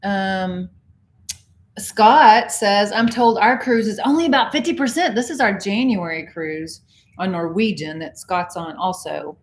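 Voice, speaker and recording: A woman's voice: mid-range voice, measured pace. A middle-aged woman from Texas co-hosting a casual cruise livestream, chatting and greeting viewers by name. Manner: chatty, reads out viewer comments and greets them. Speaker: co-host of a cruise channel livestream.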